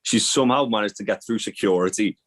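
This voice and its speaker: A man's voice: lowish voice, quick pace, a bit bright. A man co-hosting a podcast, rambling and profane in fond, casual banter. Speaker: podcast co-host. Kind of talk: casual chat.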